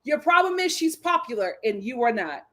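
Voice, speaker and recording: A woman hosting a live reality TV review stream, animated and dramatic, full of slang and talking straight at the people she discusses. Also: a little high, moderate pace. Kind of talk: live-stream episode recap commentary.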